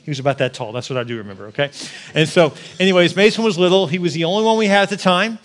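A male pastor in his forties preaches at a quick clip in a high voice. He tells personal stories, jokes with the congregation and builds up to loud, animated peaks. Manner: animated, rising to shouting at peaks.

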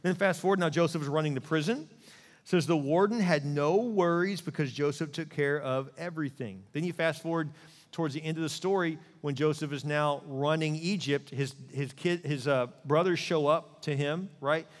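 A male pastor preaching a sermon in a lively way, often putting questions to his listeners. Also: a little high, moderate pace, in a large hall. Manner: animated preaching, asks the crowd questions.

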